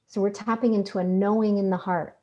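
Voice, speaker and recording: A middle-aged woman speaking calmly in a self-help talk over an online call, building her points in repeated, list-like phrases. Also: mid-range voice, brisk, lo-fi sound. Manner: calm, repetitive, list-like phrasing. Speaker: guest speaker. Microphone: online video call.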